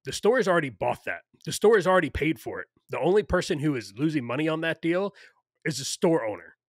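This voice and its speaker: A podcast co-host with a medium-pitched, fairly bright voice rants through casual, opinionated chat loaded with fillers and profanity. The studio sound is clean, with no echo.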